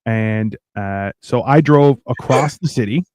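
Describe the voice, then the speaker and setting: A man's voice: mid-range voice, unhurried, a little mellow, no room sound. Rambling, storytelling man, dry close sound. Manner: rambling anecdotes, acting out quotes with playful voices. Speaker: podcast co-host. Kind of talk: casual storytelling chat.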